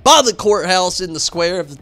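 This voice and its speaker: A man streaming games, chatting casually and telling rambling, animated stories full of fillers. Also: sits high, normal speed, faint music behind. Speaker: game streamer. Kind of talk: casual chat while streaming.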